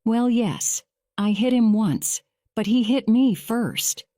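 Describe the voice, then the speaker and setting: A woman voicing a young man being questioned in court, speaking in a slow, measured storybook reading. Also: on the high side, warm tone, no echo, clean studio sound. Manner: measured, slow graded-reader delivery.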